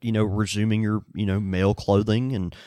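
Relaxed man co-hosting a chat. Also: lowish voice, brisk, dry recording, studio quality. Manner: relaxed, adds quips and agreement. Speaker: podcast co-host. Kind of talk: casual chat.

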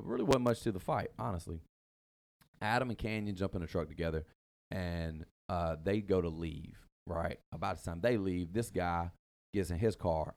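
A man's voice: sits low, a little mellow. A man hosting a casual chat, telling a long rambling story full of asides and fillers.

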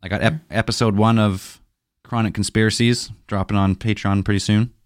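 A man co-hosting and editing a casual podcast, easygoing and quick to laugh. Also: on the low side, little pitch movement, no echo, studio quality. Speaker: podcast co-host and editor.

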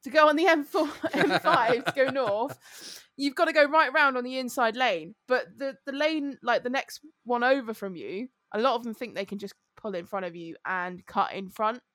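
A woman telling a driving story in casual chat, animated and swearing freely. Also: fairly high pitch, brisk, few pauses, no room sound. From England.

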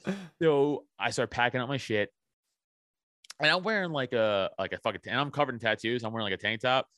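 Profane, animated man telling a story. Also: mid-range voice, fairly quick, dry recording, studio quality. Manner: profane, animated storyteller acting out quoted voices. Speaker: podcast guest. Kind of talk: casual storytelling chat.

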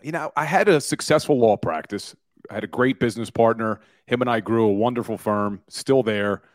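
A man's voice: medium pitch, fairly quick, dry recording. A forty-year-old man talks sports on a radio show. He tells stories with energy and a bit of self-deprecation. The studio mic is close and dry, with no room sound. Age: 40s. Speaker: guest, podcaster and former lawyer. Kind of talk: casual sports radio interview.

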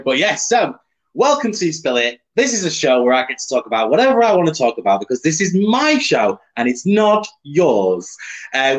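A man's voice: fairly high pitch, low-quality recording. A man hosting a live-streamed chat show, chatty and playful, reading viewer comments aloud. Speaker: host.

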